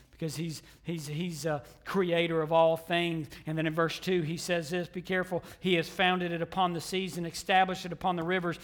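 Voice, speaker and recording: Emphatic preaching man, high and bright. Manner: emphatic preaching that swings from loud declarations to hushed near-whispers. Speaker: pastor. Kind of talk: sermon. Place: church sanctuary.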